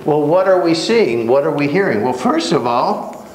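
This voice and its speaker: A man's voice: a little high, sing-song, normal speed. A man teaching a church Bible class, conversational and joking, repeating words for emphasis. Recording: roomy echo, faint background hiss.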